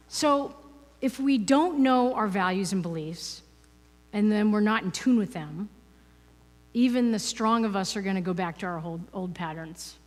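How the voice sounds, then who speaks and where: A woman giving a conversational inspirational talk as a guest speaker at a spiritual ministry, chatty and full of "you know" and "right?". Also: medium pitch. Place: ministry service hall, indoors. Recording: reverberant hall.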